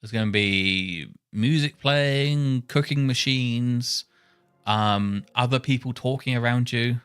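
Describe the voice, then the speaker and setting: A man talking to himself while testing speech software, muttering and correcting himself as he goes. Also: mid-range voice, slow pace, smooth, no echo. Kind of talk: casual thinking-aloud coding session.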